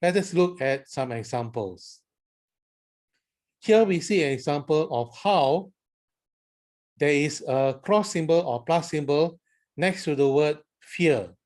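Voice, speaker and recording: Slow, careful male chant teacher. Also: fairly high pitch, a little mellow. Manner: slow, careful explaining, sings chant tones on syllables. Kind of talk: instructional talk with sung chant examples.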